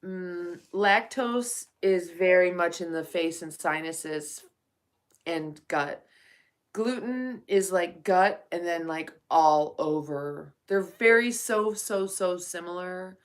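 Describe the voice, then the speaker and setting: A woman's voice: lowish voice, takes it slowly. A woman live streaming at night, chatting casually with viewers and calling them honey and darling.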